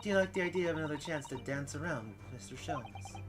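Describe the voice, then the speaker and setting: A man voicing a polite young female assistant who speaks softly and teases dryly during a game playthrough. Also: on the high side, lively intonation, fast, over music, lightly acted. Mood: teasing. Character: polite young Japanese assistant woman, teasing. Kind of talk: let's play character reading.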